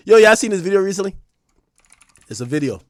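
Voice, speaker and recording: A man in his thirties streaming a casual, profane rant to his chat, animated and mocking, swinging from loud outbursts to mumbled asides. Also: sits high, normal speed.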